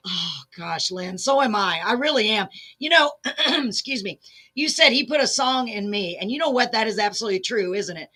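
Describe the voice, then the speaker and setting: A woman's voice: medium pitch, expressive, moderate pace, bright, forceful tone, slightly rough. Gushing woman host losing her voice. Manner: gushing, effusive praise. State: losing her voice, clearing throat. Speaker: show host. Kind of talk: casual interview chat.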